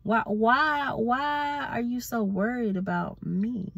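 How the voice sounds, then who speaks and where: A woman's voice: a little high, takes it slowly, gravelly, fairly bright tone, no echo. A sleepy woman, ranting bluntly and profanely in a casual vlog as a self-reflection coach. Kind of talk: casual vlog talk to camera.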